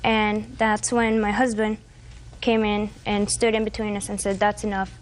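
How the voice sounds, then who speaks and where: A woman's voice: mid-range voice, flat delivery, normal speed, faint music behind. A woman in her twenties testifying as a defendant in a TV courtroom, telling a long, hesitant, rambling account. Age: 20s.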